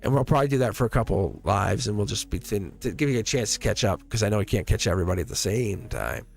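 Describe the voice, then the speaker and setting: A man's voice: fairly low pitch, expressive, fast, creaky, faint music behind. A man hosting a live tarot stream in a casual, rambling way, chuckling often and joking with his viewers.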